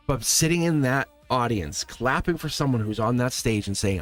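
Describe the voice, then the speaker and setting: A man's voice: medium pitch, lively intonation, normal speed, a bit bright, faint music behind. A man doing a live-stream tarot reading, talking in a rambling, emphatic way, repeating words and laughing often. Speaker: tarot reader.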